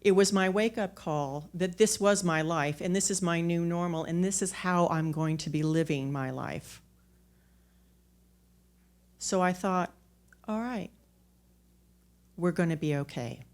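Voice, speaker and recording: A woman's voice: lowish voice, a little slow. A woman telling a personal story on a theater stage into a microphone, candid and self-mocking, often restarting her words.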